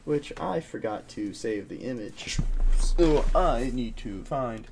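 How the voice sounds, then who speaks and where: Gravelly young man rambling casually. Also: medium pitch, expressive, slow pace, a little mellow, slight background noise. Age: young adult. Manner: rambling, loose, swears casually. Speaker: podcast co-host. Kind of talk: casual pop-culture chat.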